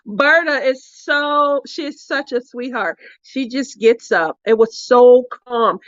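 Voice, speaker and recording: Brief: chatty crafter woman, high-ish voice, giggles a lot, close and dry. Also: slow, few pauses, dry recording, muffled recording. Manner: giggly, laughs often between sentences. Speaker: crafting vlogger giving awards. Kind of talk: casual storytelling.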